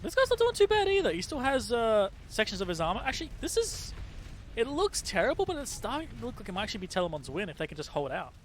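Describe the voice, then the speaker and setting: A man casting a game tournament, excitable and laughing often, catching and correcting his own slips. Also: sits high, fast, a little hiss or hum. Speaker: tournament caster. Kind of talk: casual game commentary.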